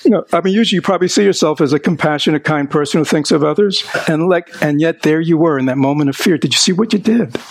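A man's voice: fairly high pitch, fast talker, vocal fry, few pauses, noisy background. A man leading a live seminar, coaching an audience member with patient, repeated questions. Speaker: workshop speaker coaching a participant.

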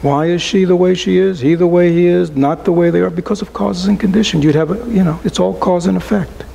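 A man giving a relaxed, conversational dharma talk to a small group as a Buddhist teacher, often asking rhetorical questions and adding "right?". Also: high voice, a little fast, vocal fry, low-quality recording.

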